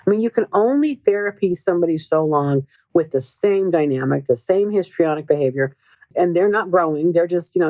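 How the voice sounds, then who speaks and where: A middle-aged woman with a lowish voice tells a story as a relationship coach. She talks earnestly and leans on repeated words for emphasis. The recording is close and dry. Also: animated, fairly quick, dark tone, no room sound. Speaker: podcast host and relationship coach. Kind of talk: casual storytelling monologue.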